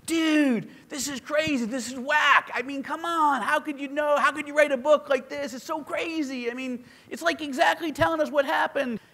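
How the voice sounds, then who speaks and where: A man's voice: extremely high pitch, fairly even intonation, moderate pace, hardly any pauses, sharp tone, voice pushed up, exaggerated voice. A man imitating a brash, laid-back male rock radio host who keeps saying "dude". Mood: incredulous.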